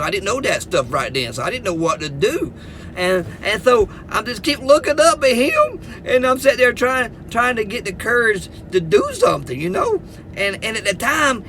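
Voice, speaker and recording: A middle-aged man tells a comic story from his own life, his voice high and bright. He jumps around in pitch, repeats words and laughs at his own jokes. A faint hiss sits under the recording. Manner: animated, repeats words, Southern US phrasing.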